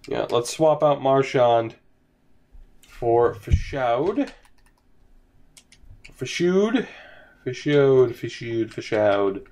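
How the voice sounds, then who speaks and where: With a medium pitch and a darkish tone, a young male gamer gives laid-back let's-play commentary on his hockey video game franchise from home. His team is losing, and he responds with sighs, yawns and a resigned air.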